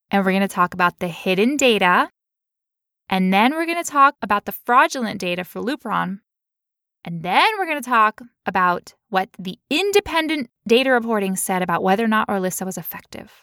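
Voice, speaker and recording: A woman co-hosting a casual podcast, playful and quick to laugh as she explains things at length. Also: medium pitch, a bit bright, no room sound, clean studio sound. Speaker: podcast co-host.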